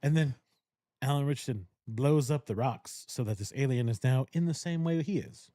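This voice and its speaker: A man's voice: mid-range voice, moderate pace, warm tone, dry recording, studio quality. A man hosting a podcast, animatedly retelling a movie plot in casual chat, swearing freely and laughing often. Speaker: podcast host. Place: cigar lounge podcast studio.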